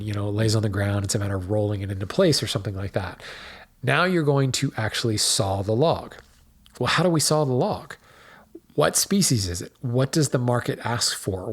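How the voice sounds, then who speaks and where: A man with a husky, mid-pitched voice hosts a show in a relaxed teaching tone. He talks things through step by step, with asides and the odd restart. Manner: conversational, explains step by step with asides and small restarts. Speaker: woodworking show host. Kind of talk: casual educational talk.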